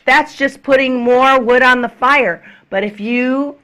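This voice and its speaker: A middle-aged woman preaching to her congregation with a somewhat high voice. She talks in a lively way, acts out the people she quotes and sometimes drops to a near whisper to make her point. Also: normal speed, hardly any pauses. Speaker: minister.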